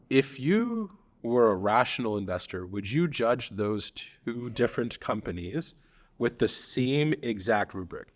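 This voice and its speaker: A man's voice: medium pitch, sing-song, unhurried. A man co-hosting a casual talk about startups, telling stories animatedly, acting out quoted founders and laughing often. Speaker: startup advisor, co-host. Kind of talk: casual conversational podcast.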